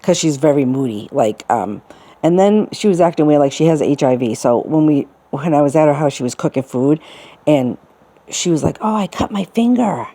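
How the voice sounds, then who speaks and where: A woman's voice: low-pitched, moderate pace, mellow. A middle-aged woman telling a personal story in a casual, rambling way, full of restarts and fillers. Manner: rambling, many restarts and fillers, quotes people in put-on voices.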